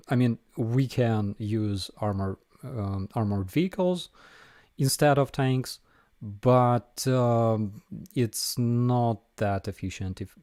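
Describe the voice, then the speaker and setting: A man with a Ukrainian accent hosting a casual live Q&A, answering viewer questions in an unhurried way with frequent ums and dry jokes. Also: lowish voice, darkish tone, dry recording. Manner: unhurried, frequent ums and uhs, dryly joking.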